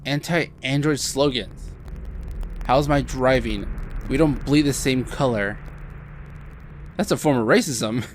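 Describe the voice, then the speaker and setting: A man talking casually over a video game, reading out on-screen text in a middle-pitched voice and breaking off for wry comments. Faint noise sits in the background. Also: takes it slowly, long pauses. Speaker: gameplay commentator.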